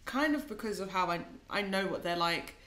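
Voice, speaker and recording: A woman's voice: medium pitch, animated, brisk, a bit bright. A woman chatting about films as co-host, often restarting her sentences as she thinks aloud. Her mid-range voice carries a noticeable room echo. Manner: hesitant, restarts, conversational. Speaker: podcast co-host. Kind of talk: casual film review chat. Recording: roomy echo.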